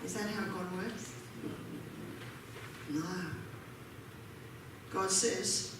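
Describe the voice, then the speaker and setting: A woman's voice: medium pitch, fairly even intonation, drawn-out words, pauses often, noisy background. A woman preaching a sermon, reading scripture aloud and asking her audience rhetorical questions. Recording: echoey hall from a distance.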